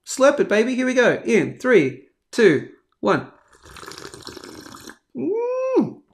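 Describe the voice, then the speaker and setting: Gravelly Australian man hosting a live show. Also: high-pitched, measured pace. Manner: energetic, jokey, reads out chat comments. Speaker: host of a live bullion show. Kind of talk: casual live-stream chat.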